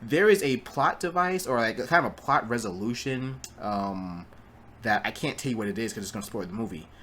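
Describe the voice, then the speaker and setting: A man's voice: on the low side, lively intonation, a little fast, pushed and bright, a little hiss or hum. A man giving a casual spoken film review, rambling with stumbling restarts and blunt, profane remarks. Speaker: movie reviewer.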